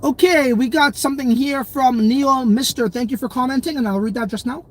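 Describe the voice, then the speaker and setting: A man's voice: very high voice, brisk, slight background noise. Slangy young man streaming casually. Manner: slangy, loose and rambling, many fillers. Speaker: crypto livestream host. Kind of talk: casual livestream chat reading comments.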